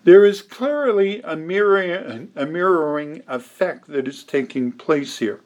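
Male pastor, higher-pitched, preaching a verse-by-verse sermon with deliberate emphasis. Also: expressive, dull audio. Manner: deliberate, emphatic, reads scripture aloud in old wording. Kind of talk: expository sermon.

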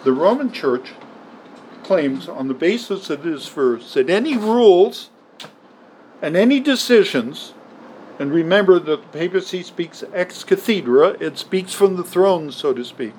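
A man's voice: sits high, animated, a little slow, a little mellow, slight background noise, low-quality recording. A man preaching a sermon in an emphatic way, often repeating words for stress. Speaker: pastor.

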